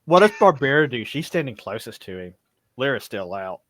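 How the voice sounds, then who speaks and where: Casting: male game master, mid pitch, dry close sound, loose narration for a tabletop stream. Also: big pitch swings, fairly quick, fairly bright tone, no echo. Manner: loose, rambling, many fillers and restarts.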